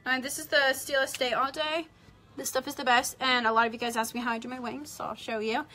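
Fast, bright and forceful, a young woman's high voice carries a steady tone as she rambles through a home makeup tutorial livestream. The beauty vlogger is chatty and leans on "like" constantly.

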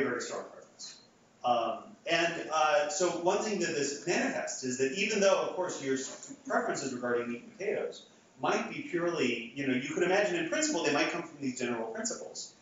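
Animated and brisk, with a fairly bright, high-leaning voice, a man delivers an academic lecture to a live audience in a lecture hall. His talk is conversational and full of restarts and fillers. The mic is far away, leaving a dull, echoey recording with slight background noise.

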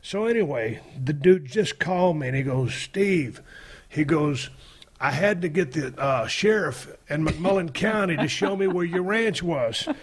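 A man hosting a podcast, telling a story in a casual, profane, animated way and acting out the people he quotes. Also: a little high, unhurried, husky. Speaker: podcast host.

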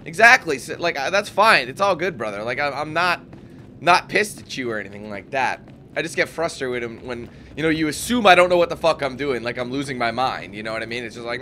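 A man's voice: mid-range voice, animated, brisk, bright, forceful tone, a little hiss or hum. A young man casually commentating a game, chatty and swearing when frustrated. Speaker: gameplay commentator. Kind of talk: casual let's play commentary.

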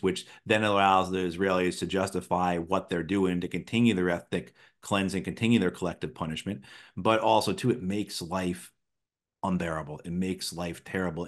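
Man, middle-aged, deep voice, interview guest, thoughtful, restarts often. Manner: thoughtful, frequent restarts and fillers. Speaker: interview guest, former Marine officer. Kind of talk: conversational political analysis.

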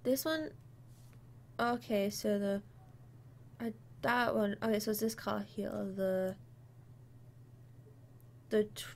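A woman's voice: medium pitch, gravelly, a little mellow, slight background noise. A young woman playing a game and commenting casually, muttering to herself as she works through puzzles. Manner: muttering to herself, spelling out letters. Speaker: gamer. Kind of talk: casual let's play commentary.

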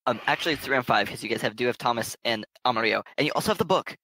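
A man's voice: medium pitch, expressive, very fast, bright, forceful tone, a little hiss or hum, low-quality recording. A man co-running a tabletop game, playful and chiming in with rules. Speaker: game master. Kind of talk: casual tabletop game chat.

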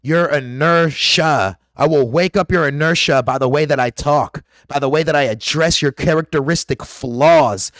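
Speaking straight to camera, a man rants at his viewers as a conspiracy vlogger, aggressive, profane and preachy. His voice is a little high, and the audio is studio quality without echo.

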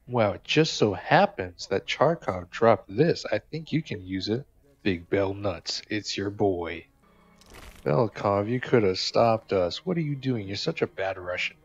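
Gravelly young man joking through gameplay. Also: on the low side, dull audio. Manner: joking, swearing, talks to game characters. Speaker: gamer. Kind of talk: casual gameplay commentary.

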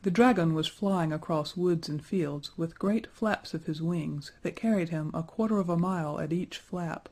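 Mellow husky male storyteller. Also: a little high. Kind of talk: storybook narration.

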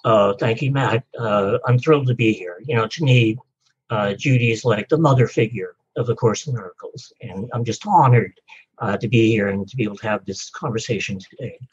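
Guest author, male, husky and easygoing, slightly muffled recording. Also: fairly low pitch, fairly quick. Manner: relaxed storytelling, frequent uh fillers. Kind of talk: podcast interview.

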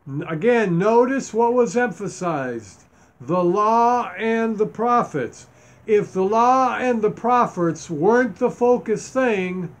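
A man preaching, reading scripture aloud and stressing its key points. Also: high-pitched. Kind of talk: Bible teaching sermon.

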